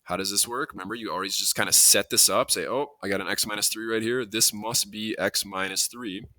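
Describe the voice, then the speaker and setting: A man's voice: lowish voice, fairly even intonation, a little fast, sharp tone, no room sound. A man teaching a math lesson, explaining steps in a conversational way, thinking aloud and correcting himself as he goes. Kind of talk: classroom lesson walkthrough.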